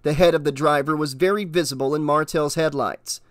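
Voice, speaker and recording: A man narrating an audiobook in a steady, measured reading voice. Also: a little high, no echo, clean studio sound.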